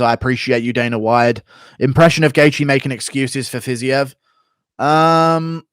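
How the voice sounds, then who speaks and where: An American man hosts a livestream and reacts to chat in a blunt, profane rant. His voice sits in a middle pitch. The recording is dry and close. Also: no room sound. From United States. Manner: profane, opinionated ranting. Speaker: streamer host. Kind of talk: livestream commentary, reading donations.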